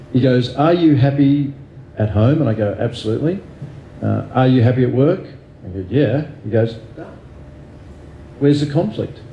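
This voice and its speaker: A man's voice: medium pitch, gravelly, dark tone, reverberant, slight background noise, poor audio. An Australian man speaking as an interview guest, candid and self-deprecating, thinking aloud with fillers and restarts. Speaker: guest neurosurgeon.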